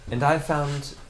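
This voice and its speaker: A man voicing a slight, polite elven shopkeeper, speaking with gentle courtesy. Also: a little high, voice pushed up. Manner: courteous, soft-spoken salesman. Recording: noisy live stream recording.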